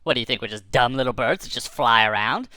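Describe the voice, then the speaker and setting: A man voicing a boastful, highly educated male bird who builds a rocket ship, talking in a smug, matter-of-fact way. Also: fast talker, sharp tone, no echo, natural voice. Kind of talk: improvised storytelling.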